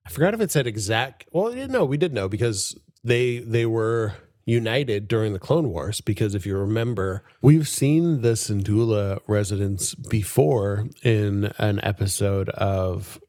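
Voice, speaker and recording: A man's voice: on the low side, animated, measured pace, hardly any pauses, darkish tone, no echo, studio quality. A man co-hosting a podcast, chatting casually and enthusiastically, laughing often and using lots of fillers. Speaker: podcast co-host. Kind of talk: casual chat.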